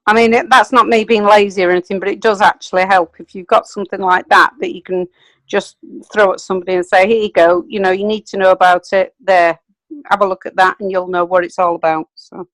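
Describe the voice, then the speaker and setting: Woman from England, mid pitch, playful and chatty, dry close sound on a call. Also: level tone, brisk, a bit bright, no echo, poor audio. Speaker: meeting participant. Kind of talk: casual group call chat.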